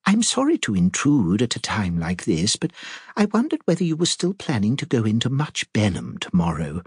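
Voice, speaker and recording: A man voicing an elderly woman sleuth who speaks softly, politely and apologetically. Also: fairly low pitch, wildly swooping pitch, moderate pace, breathy edge, no room sound, studio quality, heavily acted. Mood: gentle, apologetic. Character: elderly spinster sleuth, gentle and fluttery.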